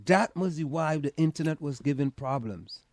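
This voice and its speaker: A man's voice: fairly high pitch, animated, normal speed, no echo. A man with a Trinidadian accent, co-hosting a casual chat podcast, insistent and full of stammering restarts. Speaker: podcast co-host.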